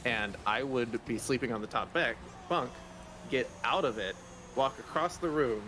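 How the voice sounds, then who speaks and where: A man's voice: medium pitch, normal speed, background noise. A man co-hosting a morning radio show, telling a rambling, self-deprecating story. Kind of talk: casual storytelling.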